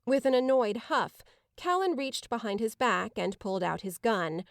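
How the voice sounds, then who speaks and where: A woman giving measured, dramatic first-person narration of an audiobook. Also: fairly high pitch, animated, gravelly, no echo, studio quality.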